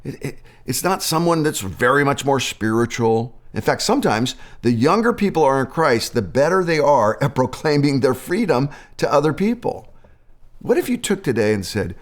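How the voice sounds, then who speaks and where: A man with an American accent preaching a sermon as a pastor, talking in an animated way with dramatic swings in his voice. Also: medium pitch, moderate pace.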